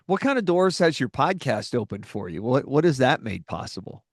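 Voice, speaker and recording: A man's voice: medium pitch, big pitch swings, dry recording. Podcast host man, dry close mic. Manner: reacts with quick laughs and short exclamations. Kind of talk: interview questions.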